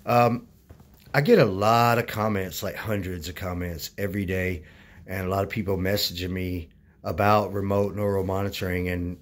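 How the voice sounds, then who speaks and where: A man talking casually to his channel's viewers, rambling with many fillers and restarts, insistent as he corrects their views. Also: deep voice. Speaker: YouTuber. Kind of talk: casual talk to camera.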